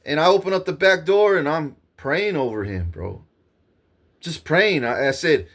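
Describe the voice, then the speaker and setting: A fairly high-voiced man rants to his audience in an agitated, rambling monologue. He swears constantly, repeats himself and tags his sentences with "bro." His delivery stays heated throughout. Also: animated, unhurried, a bit bright. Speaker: vlogger.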